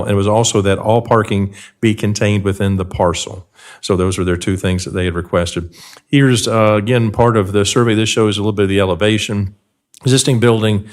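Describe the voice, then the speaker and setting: Brief: male county planner with a lower voice, quick and matter-of-fact, briefing a board. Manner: rapid-fire briefing, self-described auctioneer pace. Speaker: county planning staff presenter. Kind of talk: staff report at a public board meeting. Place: public meeting room.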